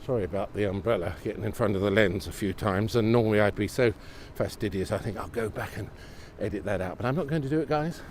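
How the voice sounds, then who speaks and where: Chatty low-voiced man on a snowy night walk. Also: fast, hardly any pauses, slight background noise. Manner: exclamatory, gently enthusiastic, often asks viewers questions. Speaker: live-stream vlogger. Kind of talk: chatty live walk narration to viewers. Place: outdoors on a snowy, windy city street at night. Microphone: iPhone on a gimbal.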